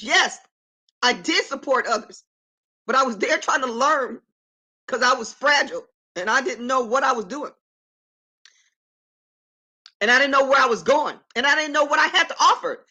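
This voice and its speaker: A middle-aged woman streams live from her apartment in a relaxed setting, greeting viewers by name while speaking emphatically and affirming herself. Her voice sits high, with a bright, forceful tone.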